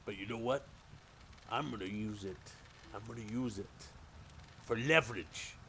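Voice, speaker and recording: A man voicing a gruff, bearded male prisoner who is surly and defiant. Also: on the low side, normal speed, fairly bright tone, slight background noise. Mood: grumbling. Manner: rough, snappish, dismissive.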